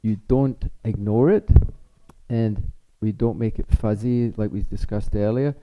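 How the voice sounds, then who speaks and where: A man's voice: lowish voice, fairly even intonation, a little slow, a little hiss or hum. A man presenting at a parenting seminar in a chatty, informal teaching style, often acting out bits of dialogue. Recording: slightly dull lo-fi sound.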